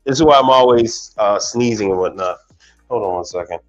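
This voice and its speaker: This man, who works as a commercial appliance technician, tells animated stories on a casual livestream, often repeating words and laughing. He speaks at a fairly low pitch and a brisk pace. Faint music plays under slightly dull audio.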